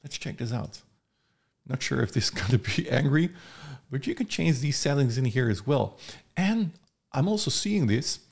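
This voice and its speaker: A man talks through a software tutorial in a loose, chatty way, thinking out loud as he goes. His mid-pitched voice carries a bit of gravel. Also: animated, moderate pace. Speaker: software reviewer. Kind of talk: casual screen-recorded tutorial.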